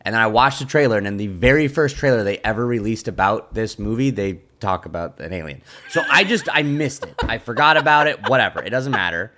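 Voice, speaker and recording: Lively young man co-hosting a podcast. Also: fairly quick, hardly any pauses. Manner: lively, jumps up and down in pitch, laughs easily. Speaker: podcast co-host. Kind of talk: casual chat.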